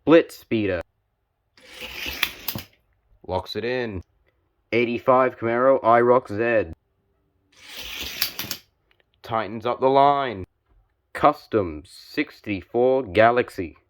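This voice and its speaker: A young man giving play-by-play commentary on a toy car joust, calm and measured with sudden excited spikes on big hits. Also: mid-range voice, lo-fi sound, slight background noise.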